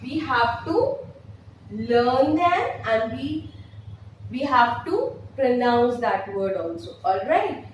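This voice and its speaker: High-voiced Indian teacher spelling slowly. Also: female voice, sing-song, a little hiss or hum. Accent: Indian English. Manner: slow, spelling words letter by letter, then repeating them with emphasis. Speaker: pre-primary teacher. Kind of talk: online phonics lesson at a blackboard. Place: classroom with a blackboard. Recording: echoey room, voice from a distance.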